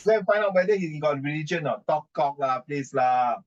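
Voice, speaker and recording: A man's voice: a little high, animated, brisk, lo-fi sound. A man with a Singaporean English accent ranting indignantly in conversation, emphatic and repetitive, slipping into Mandarin and Singlish. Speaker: adult giving writing advice.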